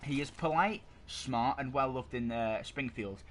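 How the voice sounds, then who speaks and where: A man talking through his opinions on a homemade podcast, rambling and arguing his point and pausing to hunt for the right word. His voice sits at an ordinary middle pitch. A steady hiss of noise runs under the amateur desk-mic recording. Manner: rambling, argumentative, searches for words. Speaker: podcast co-host. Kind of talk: casual opinion chat. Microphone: desk microphone.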